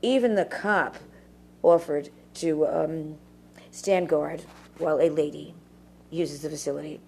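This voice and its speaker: A woman's voice: sits low, measured pace, creaky, warm tone. A woman ranting casually to camera in a rambling, profane way, full of fillers. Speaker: vlogger.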